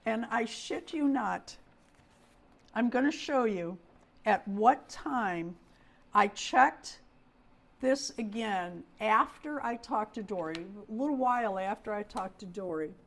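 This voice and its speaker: A woman's voice: fairly high pitch, expressive, slow, vocal fry. A middle-aged woman hosting a casual livestream, talking through a story with plenty of feeling. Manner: chatty storyteller, talks with feeling. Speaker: host of a doll livestream.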